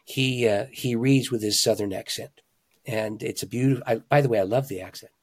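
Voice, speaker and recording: A man, a pastor and author, telling stories in an interview with animated emphasis, swinging between loud, excited lines and hushed ones. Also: medium pitch, fairly quick, breathy edge. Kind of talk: conversational storytelling.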